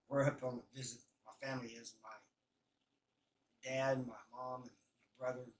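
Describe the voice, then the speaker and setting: A man telling prison stories in a rambling, halting way, full of fillers and restarts. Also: mid-range voice, distant mic, rough recording. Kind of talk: casual storytelling.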